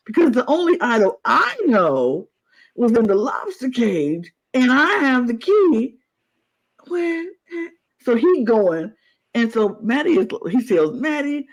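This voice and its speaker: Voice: medium pitch, very animated, takes it slowly, rough recording. A podcast co-host recapping a reality show in casual chat, talking animatedly and acting out contestants' lines in exaggerated voices.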